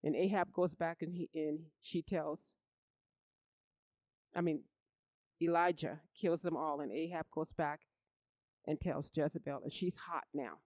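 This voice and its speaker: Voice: mid-range voice, measured pace, pauses often, no echo, low-quality recording. Dry-sounding preacher telling a Bible story. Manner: animated storytelling, rising loud for emphasis; repeats words and restarts. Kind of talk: sermon.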